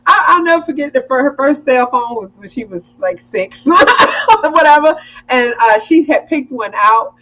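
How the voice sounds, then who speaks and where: Mom co-hosting a livestream, high bouncy voice, acts stuff out a lot. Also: female voice, highs cut off. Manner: animated storytelling, acts out her kids' voices. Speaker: co-host of a couples show. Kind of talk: casual livestream chat. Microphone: webcam livestream.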